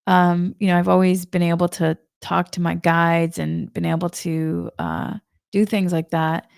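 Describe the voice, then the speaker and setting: Chatty woman w a gravelly voice, laughs a lot, dry close sound. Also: lowish voice, fairly even intonation, a little slow, darkish tone, no echo. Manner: chatty storytelling with frequent laughs. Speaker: spiritual guide giving energy forecasts. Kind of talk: casual spoken monologue.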